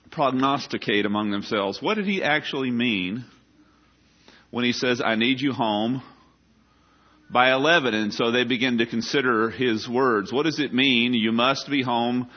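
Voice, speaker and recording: Male preacher, mid-pitched voice, wry conversational storytelling in a sermon, muffled lo-fi recording.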